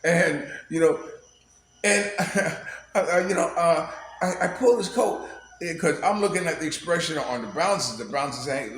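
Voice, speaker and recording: A man's voice: on the high side, normal speed, fairly bright tone. Rambling man telling stories, echoey room. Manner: rambling, laughs often, many "you know" fillers. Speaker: vlogger. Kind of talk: casual storytelling monologue. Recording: echoey room, faint background noise.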